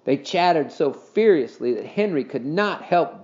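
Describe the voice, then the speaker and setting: Guy reading a kids story out loud, lively up and down voice, slightly high, muffled lo-fi sound. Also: moderate pace. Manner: expressive reading. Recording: dull lo-fi recording.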